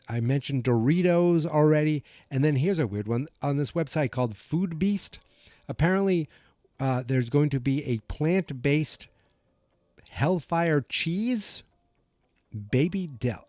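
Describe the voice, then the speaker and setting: Calm American male podcast host, low-key warm tone, rambling chatty delivery. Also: dry recording, clean studio sound. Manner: calm, rambling, self-correcting. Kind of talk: casual chat.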